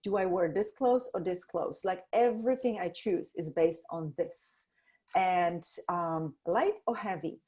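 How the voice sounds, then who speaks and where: A middle-aged woman talking as a podcast guest about energy and intuition, animated, laughing often and acting out the voices she quotes. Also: lowish voice. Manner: slows to a soft guiding tone in exercises. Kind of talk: conversational interview.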